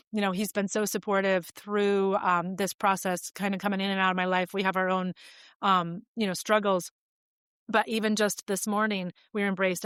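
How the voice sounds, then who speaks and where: A woman in her forties, with a medium-pitched, fairly bright, clear and resonant voice, appears as a podcast guest. Recorded at studio quality with no room sound, she shares personal stories candidly and reflectively, in a conversational style with frequent fillers.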